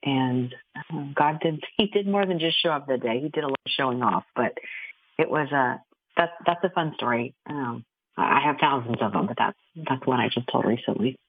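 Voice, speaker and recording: A woman guest, an author, recounts stories with lively energy and quick laughter. Her voice comes through a narrow, phone-like line. The sound is dry, with no room echo. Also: very deep voice, husky. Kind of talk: casual interview chat.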